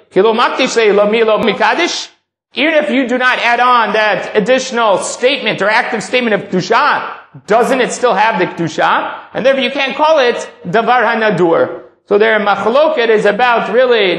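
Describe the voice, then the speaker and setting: A man's voice: very high-pitched, fairly bright tone. A man teaching a text-study class, reading a passage aloud and then explaining it step by step. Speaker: Talmud teacher. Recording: echoey room.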